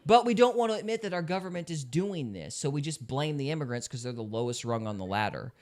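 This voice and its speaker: A man co-hosting a podcast talks in a slightly high voice that swings up and down as he rants. He jumps between points and laughs along the way. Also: quick pace. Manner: animated, laughing, ranting in bursts. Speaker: podcast co-host. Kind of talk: casual podcast discussion.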